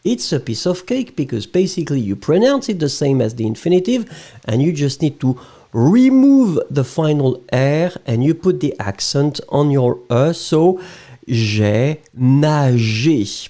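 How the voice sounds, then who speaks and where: A man with a French accent and French as his first language runs a live-streamed French lesson. His voice is warm and mellow, a little high for a man, and his pitch swings widely and lively. He keeps it playful and chatty, checking in with the class constantly. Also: normal speed. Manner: playful, chatty, checks in often with "d'accord?" and "huh?". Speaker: French teacher.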